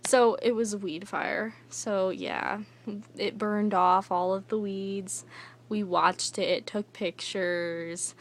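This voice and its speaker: A young woman telling a casual, rambling vlog story, full of fillers and with soft whispery asides. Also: mid-range voice, fairly even intonation, takes it slowly. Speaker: vlogger.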